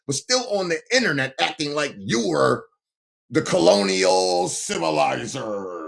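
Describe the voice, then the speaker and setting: A man hosts a livestream from his phone, ranting straight at his viewers in a confrontational, taunting monologue. His voice is on the high side and a bit bright, with vocal fry. He sounds very animated but keeps a measured pace.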